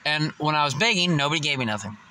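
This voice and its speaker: Man, young adult, casual storytelling, very bright tone, slightly high voice, heavy swearing, emphatic. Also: fast talker. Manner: swears constantly, animated, gets loud and emphatic when recounting confrontations. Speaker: vlogger telling a personal story.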